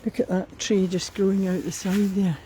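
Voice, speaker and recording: A woman with a Scottish accent chatting while out walking in a riverside park, unhurried and a little out of breath. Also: mid-range voice, flat delivery, dark tone, slight background noise, poor audio. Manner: chatty, unhurried, talks to her dogs. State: slightly out of breath. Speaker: vlogger. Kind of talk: casual walking commentary.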